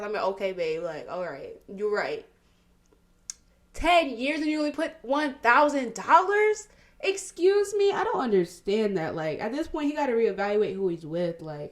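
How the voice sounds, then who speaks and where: Lively young woman chatting while doing makeup. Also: mid-range voice, roomy sound. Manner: animated, laughing storyteller, drawn-out exclamations. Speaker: podcast host. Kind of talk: casual get-ready-with-me chat.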